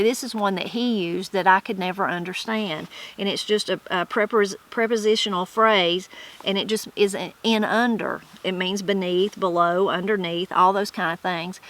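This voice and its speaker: A middle-aged woman with a Southern Appalachian accent hosts a channel, chatting casually in a folksy way and reading aloud from old sources, including a dictionary, correcting herself as she reads. Her mid-range voice is fairly bright, but the audio is poor.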